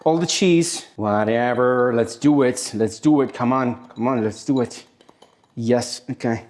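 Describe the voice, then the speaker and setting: A man's voice: mid-range voice, a little slow, darkish tone, slight background noise. A man from Italy, cooking on camera in a playful, exclamatory way. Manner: playful, exclamatory, self-mocking. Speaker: home cook. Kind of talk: cooking demonstration.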